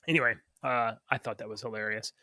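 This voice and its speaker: A man's voice: medium pitch, pushed and bright, no echo, clean studio sound. A man co-hosting a casual morning talk show, reading news aloud and joking about it with a ready laugh. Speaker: co-host.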